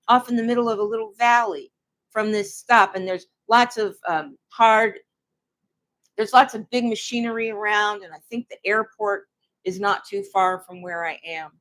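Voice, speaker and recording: A woman recounting her own hard experiences in a personal, emotional way, with halting restarts. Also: a little high, a bit bright. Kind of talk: personal account to camera.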